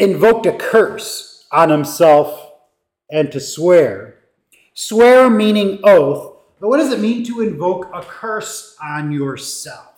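A man preaching a sermon as pastor, emphatic, with dramatic pauses and quoted lines acted out. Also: high-pitched.

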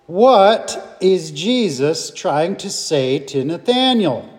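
A man leading a Bible study, reading scripture aloud and explaining it in a deliberate way with restarts and fillers. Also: on the high side, very animated. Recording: long reverb from a hall.

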